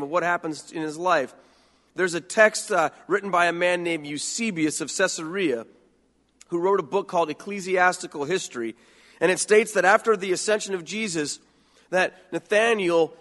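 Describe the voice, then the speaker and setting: A man's voice: sits high, fairly bright tone. Earnest man preaching in a reverberant hall. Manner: earnest and conversational, often repeating and restarting words. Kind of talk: sermon.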